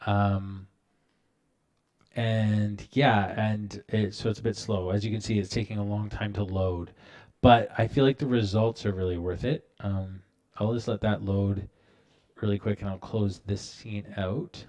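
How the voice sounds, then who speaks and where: Low-voiced man rambling through a tutorial. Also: measured pace. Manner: relaxed, rambling, many fillers and restarts. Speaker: animator hosting a live stream. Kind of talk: casual live-stream tutorial.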